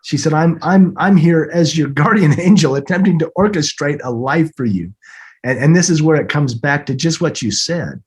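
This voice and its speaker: A man in his fifties, a podcast guest, telling an emotional personal story in an earnest way, often repeating words and laughing softly. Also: on the high side, moderate pace. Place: home, snowing outside.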